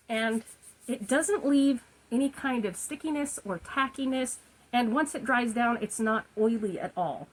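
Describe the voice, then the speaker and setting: A woman in her forties chats through a skincare review from her room at home, goofy and laughing at her own stumbles. Her voice sits a little high and has a breathy, husky edge. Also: rough recording. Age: 40s. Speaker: skincare vlogger. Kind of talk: casual product review.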